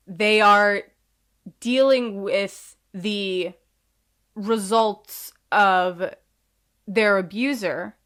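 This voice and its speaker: A woman's voice: mid-range voice, extremely slow, pauses often, fairly bright tone. A woman co-hosting a podcast in casual chat, rambling off on tangents with sarcastic asides. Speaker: podcast co-host.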